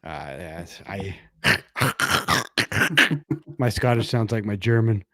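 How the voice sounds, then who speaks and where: A man's voice: on the low side, expressive, drawn-out words, sharp tone, dry recording, clean studio sound. A man co-hosting a podcast in casual chat, joking and laid-back in his banter. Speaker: podcast co-host.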